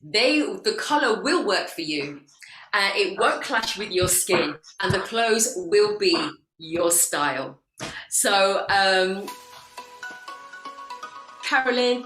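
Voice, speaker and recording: A woman's voice: mid-range voice, sharp tone, reverberant, poor audio. A woman guest speaker giving an earnest motivational talk on a video call, speaking straight to parents. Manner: earnest, preachy, addresses parents directly.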